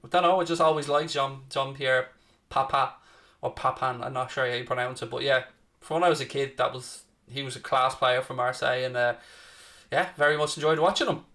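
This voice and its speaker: Bright chatty male stream host. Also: mid-range voice, fast talker. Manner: chatty, answers viewers by name. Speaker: watchalong host. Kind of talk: live stream commentary and chat.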